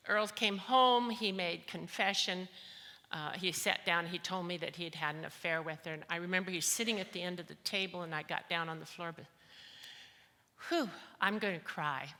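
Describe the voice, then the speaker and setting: Brief: middle-aged woman, candid testimony speaker, bright lowish voice, reverberant hall. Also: moderate pace. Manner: candid, emotional, storytelling. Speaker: conference speaker. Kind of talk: personal testimony talk.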